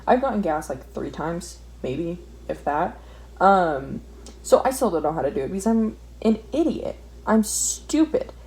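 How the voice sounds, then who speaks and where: A young woman with a somewhat low-pitched voice tells a story while drawing. She rants in a casual, exasperated way and swears freely. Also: sing-song, a little slow, a little mellow, low-quality recording. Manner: ranting, profane, exasperated. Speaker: vlogger.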